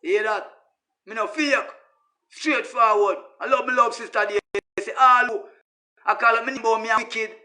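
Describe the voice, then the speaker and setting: A Jamaican man with a high, bright voice delivers a casual monologue that rambles and repeats itself. He talks emphatically in patois and keeps turning to his listeners with "you hear that?". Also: steady tone, normal speed. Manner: emphatic, repetitive, addresses listeners as brother. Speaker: social media personality.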